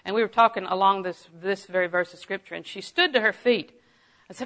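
Briskly and in a slightly bright mid-range voice, she teaches Scripture like a sermon, mixing personal anecdotes with emphatic declarations that drive her points home.

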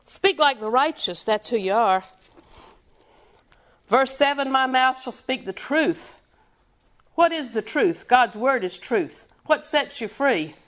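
A woman's voice: high-pitched, lively intonation, slow, pauses often, fairly bright tone. Woman preacher, call-and-response cadence. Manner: call-and-response preaching, chuckling, rhythmic repetition. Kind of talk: sermon.

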